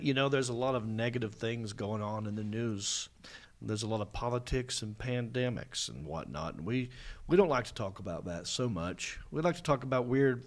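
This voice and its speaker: A man hosting a comedy show, telling funny news stories in a jokey, playful way with bursts of animated emphasis. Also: mid-range voice. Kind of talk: casual comedic chat.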